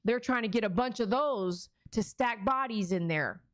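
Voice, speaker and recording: A woman's voice: fairly high pitch, moderate pace, dry recording, clean studio sound. A woman talking frankly on a live stream, reading viewers' comments aloud and answering them in a blunt, earnest and emotional way. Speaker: dog trainer streamer.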